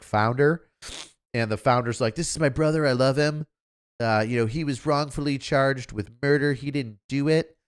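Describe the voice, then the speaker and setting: A man's voice: fairly low pitch, smooth. A man hosting a livestream, chatting casually in a rambling, offhand way. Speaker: livestream host.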